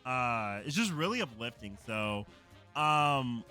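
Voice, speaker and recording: A man chatting casually on a live stream, excitedly rambling with lots of "uh" and "like" fillers. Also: medium pitch, slow, soft background music.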